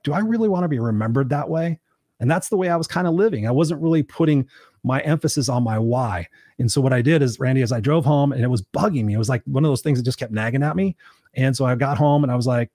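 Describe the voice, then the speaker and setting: A man talking fast and candidly as a guest in an interview, swearing now and then as he tells a personal story. His voice is dry and close, with no room sound around it. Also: medium pitch, darkish tone, no echo. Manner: blunt, swears casually, vivid anecdotes. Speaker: guest, life coach and professional speaker.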